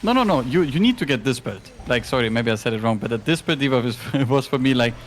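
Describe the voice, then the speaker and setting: Halting man coaching. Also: medium pitch, lively intonation, a little hiss or hum. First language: German. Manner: halting, restarts, explains mechanics. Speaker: game coach. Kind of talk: casual coaching chat.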